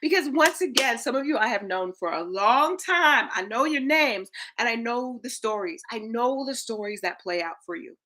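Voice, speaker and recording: A woman in her thirties, a spiritual coach giving an energetic, preachy livestream talk to her viewers, swearing casually. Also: on the high side, normal speed, few pauses.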